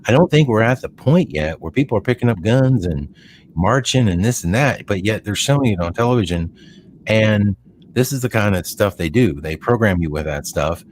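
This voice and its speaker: A middle-aged man co-hosting a casual podcast chat, talking in a rambling, animated way with lots of fillers. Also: lowish voice, moderate pace, a little hiss or hum. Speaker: podcast co-host.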